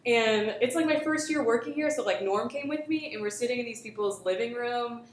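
A woman's voice: a little high, fairly quick. A woman rambles through a work story on a casual podcast, piling up fillers and restarting her sentences. The room rings with some echo, and a faint hiss sits underneath. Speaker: guest telling a work story. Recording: roomy echo, faint background noise.

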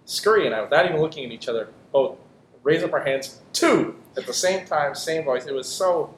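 A man who performs improv comedy, telling stories in a casual interview with quick jokes and many restarts. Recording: echoey room with faint rumble.

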